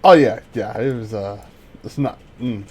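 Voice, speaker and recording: A man narrating a tabletop game as game master, slow and halting with fillers. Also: fairly low pitch, a little mellow, breathy edge.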